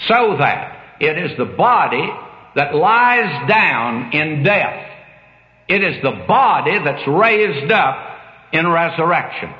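A man's voice: a little high, sing-song, takes it slowly. An older man preaching a sermon in a folksy, emphatic storytelling manner. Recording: dull echoey hall recording.

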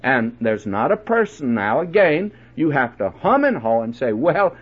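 A man preaching on the radio, telling a personal story in a chatty way, with many halting restarts. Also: medium pitch, very animated, slightly rough. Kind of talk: folksy sermon with personal anecdote. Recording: dull lo-fi old radio recording.

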